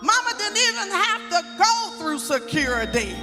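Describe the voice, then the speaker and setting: Very high-voiced man whooping a sermon. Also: big pitch swings, moderate pace. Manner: sing-song chanted cadence. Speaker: eulogist, son of the deceased. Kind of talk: sung whooping sermon over organ. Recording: live church with organ music. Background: church organ.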